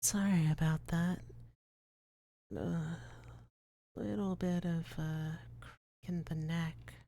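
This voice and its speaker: Young female ASMR streamer: low, slow whisper, rambling and self-mocking, dry close mic. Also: steady tone, vocal fry, warm tone, no room sound.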